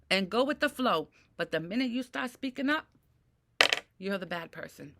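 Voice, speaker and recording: A woman's voice: mid-range voice, lively intonation, moderate pace, a bit bright. A middle-aged woman vlogging in a ranting monologue who swears and keeps asking "right?". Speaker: mental health vlogger. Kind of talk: personal venting monologue.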